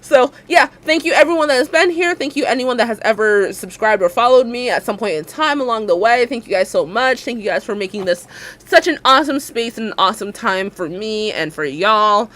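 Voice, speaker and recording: A woman's voice: a little high, fairly quick, fairly bright tone. A woman streamer, chatting casually and encouragingly with her viewers on a livestream, laughing often.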